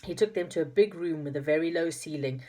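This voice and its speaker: Woman reading a kids storybook, low pitched, kinda stumbles now and then. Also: fast, dark tone. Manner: unpolished reading with slips and self-corrections. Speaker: narrator. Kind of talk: reading a children's storybook aloud.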